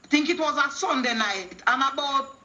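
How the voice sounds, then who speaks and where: A high-pitched Jamaican woman calls in to a talk show and tells her testimony like a sermon. She quotes scripture and slips into patois as she acts out what everyone said. Her voice rings bright and sharp. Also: animated, moderate pace, lo-fi sound. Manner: preachy storytelling, quoting scripture, acting out dialogue in patois. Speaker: caller.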